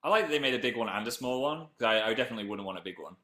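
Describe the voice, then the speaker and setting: A man's voice: medium pitch, animated, very fast, pushed and bright, reverberant. A young man with a Northern English accent, chatting casually on a live stream and reading viewer comments aloud. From Northern England.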